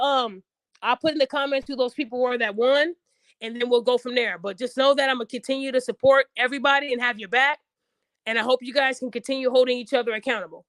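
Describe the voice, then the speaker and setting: A podcast host keeps things casual and blunt in her own show, performing quotes in raised voices. Her voice is high-pitched with a fairly bright tone, recorded without echo.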